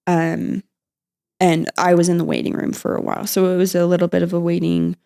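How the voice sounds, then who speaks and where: This is a young woman telling a personal story of loss as a podcast guest. Her voice sits low with a gravelly fry, and she talks haltingly, restarting her sentences. She sounds emotional and close to tears at times. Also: completely flat delivery, mellow. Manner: halting, with frequent fillers and restarts.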